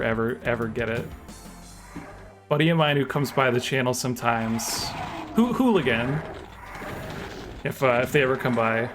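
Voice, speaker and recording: A man streaming a game live, chatting casually and self-deprecatingly while reacting aloud to the action and answering chat. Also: medium pitch. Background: game music.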